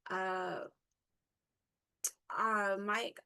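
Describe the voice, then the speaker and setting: A woman in her forties giving a personal reflective talk, halting often with ums and correcting herself mid-sentence. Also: medium pitch, flat delivery, sharp tone, clear, resonant tone. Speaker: guest speaker.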